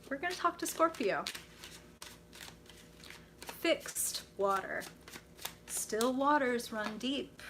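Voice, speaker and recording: A woman's voice: a little high, background noise. A young woman hosting a live tarot reading stream, gushing and enthusiastic as she reacts to viewers. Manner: bubbly, gushing, reacts to chat with excited squeals.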